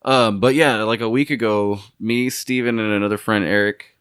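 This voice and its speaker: A man's voice: lowish voice, fairly even intonation, moderate pace, fairly bright tone, clear, resonant tone, dry recording, clean studio sound. A man in his thirties, a podcast co-host, chatting casually and joking with lots of swearing. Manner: laid-back, jokey, swears freely. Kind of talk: casual chat.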